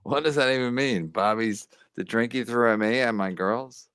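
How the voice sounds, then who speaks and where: A man's voice: medium pitch, moderate pace, a bit bright, smooth, no room sound, clean studio sound. A slightly drunk man calling in as a guest, ranting brashly and swearing. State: a little drunk. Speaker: guest comedian. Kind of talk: casual call-in chat.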